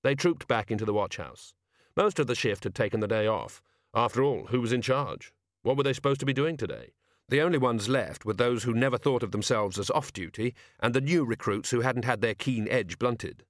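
Give me a man narrating an audiobook, steady and wry, in a dry, close recording. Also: mid-range voice, fairly quick, no echo. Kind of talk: scripted narration.

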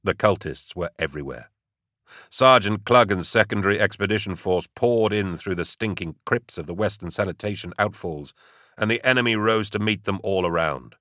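A man narrating an audiobook in a steady, dramatic way. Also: on the low side, normal speed, dry recording, studio quality.

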